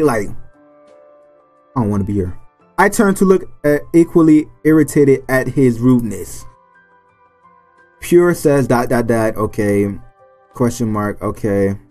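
Playful gaming host reading a story game. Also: male voice, medium pitch, darkish tone. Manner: playful, stumbles over names and jokes between lines. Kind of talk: reading a visual novel aloud with commentary.

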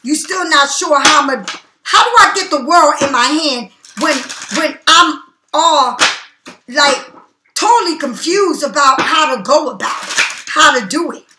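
A woman's voice: high-pitched, unhurried, background noise. A woman giving a tarot reading in a blunt, profane, preachy and emphatic way. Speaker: tarot card reader. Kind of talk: casual tarot reading monologue. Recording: echoey room.

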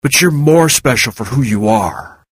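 A man doing an earnest young hero, intense and insistent as he talks someone round. The voice is raspy and breathy, read dry and close. It is a storybook part, plain and sincere. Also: on the low side, expressive, moderate pace, a bit bright, no echo, full character voice. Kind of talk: audiobook character reading.

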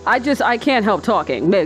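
Goofy woman chatting through a game. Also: mid-range voice. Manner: chatty, goofy, talks to herself while playing. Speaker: let's play gamer. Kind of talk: let's play commentary. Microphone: desk microphone.

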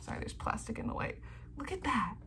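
A woman's voice: a little fast, bright, forceful tone, a little hiss or hum. Gushing young woman unboxing fan merch. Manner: gushing, gasping and squealing fan. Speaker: vlogger. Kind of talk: excited unboxing vlog.

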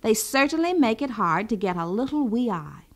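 A woman's voice: a little high, big pitch swings, normal speed. Woman voicing Uncle Bouqui, sly hungry trickster. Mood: pleased. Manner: polite, then irritable and impatient. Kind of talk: storybook reading.

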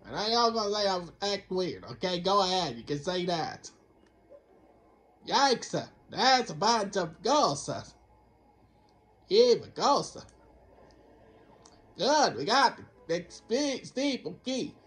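A man's voice: high-pitched, sing-song, takes it slowly, pauses often, a bit bright. A man giving rambling let's-play commentary, talking to himself and the game, who keeps slipping into a Count Dracula-style voice and scolding himself for it. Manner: rambling, self-talk, talks to the game. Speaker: gameplay commentator.

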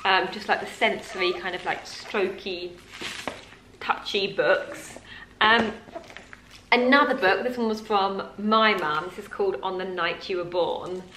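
A woman's voice: mid-range voice, unhurried, a bit bright, echoey room, a little hiss or hum. A young woman chatting casually to camera at home, a mum talking in a gushing, rambling way with lots of fillers. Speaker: mum vlogger.

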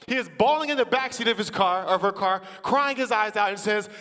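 A man from the church team telling a story from the stage, acting out the quotes and rising to shouted praise. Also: high voice, brisk. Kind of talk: testimony preached from the stage. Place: large church auditorium. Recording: long hall reverb.

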